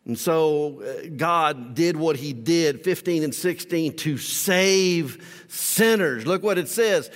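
A male pastor preaching a sermon in a church, emphatic, swinging from loud declarations to soft asides. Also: on the high side, expressive, slow, big-room sound.

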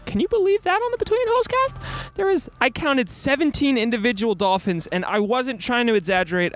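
High-voiced young man telling sailing stories. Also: a little hiss or hum. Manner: animated, self-mocking, laughs at his own stories. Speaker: podcast host. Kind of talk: casual storytelling monologue. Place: on a sailboat at sea.

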